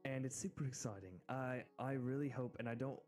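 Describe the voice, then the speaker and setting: An American man streaming, chatting casually and excitedly in rambling asides. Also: medium pitch, brisk, soft background music. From United States. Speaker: VTuber streamer. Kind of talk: casual live-stream chat.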